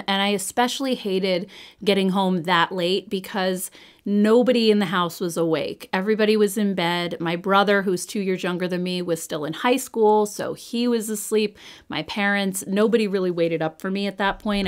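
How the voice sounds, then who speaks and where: Woman host, get-ready-with-me storytime, chatty and animated, casual filler words. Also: mid-range voice.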